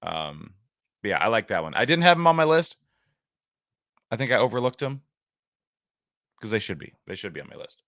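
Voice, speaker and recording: A man's voice: on the low side, sing-song, brisk, pauses often, fairly bright tone, dry recording, clean studio sound. A man co-hosting a sports podcast, talking casually in a laid-back way. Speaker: podcast co-host.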